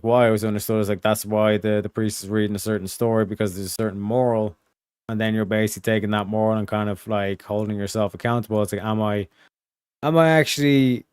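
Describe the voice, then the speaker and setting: Rambling low-voiced male streamer. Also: fairly even intonation, a little fast, darkish tone, clear, resonant tone, no echo, studio quality. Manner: rambling, many fillers and restarts. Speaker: streamer host. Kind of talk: casual stream chat.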